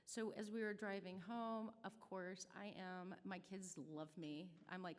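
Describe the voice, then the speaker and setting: A woman's voice: on the low side, fairly even intonation, normal speed, hardly any pauses. A middle-aged woman with a Midwestern American accent, telling a personal story in a chatty, self-deprecating way at a charity brunch. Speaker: nonprofit staff speaker. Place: banquet hall. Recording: reverberant hall audio.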